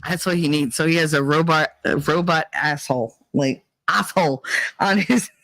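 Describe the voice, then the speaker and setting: A woman's voice: deep voice, moderate pace, a bit bright, no echo. A woman hosting a casual chat show, telling stories in a blunt, profane way. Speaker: host.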